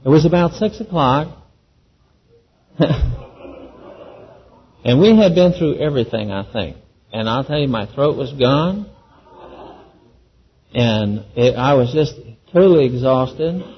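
A man's voice: medium pitch, expressive, slow pace, long pauses, breathy edge. A man telling a personal faith testimony in an earnest, folksy way, acting out the voices of the people in his story. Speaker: Christian speaker giving a testimony. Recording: dull lo-fi recording.

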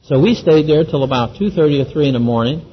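Folksy man, husky and a bit high, earnest testimony storyteller, dull lo-fi recording. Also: fast talker. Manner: earnest, folksy, acts out the quoted voices. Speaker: Christian speaker giving a testimony.

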